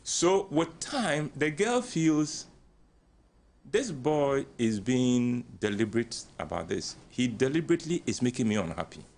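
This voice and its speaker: An older man with a Ghanaian English accent, a radio guest giving relaxed counselling talk, who tells stories animatedly, acts out the voices he quotes and chuckles often. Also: mid-range voice, a little slow.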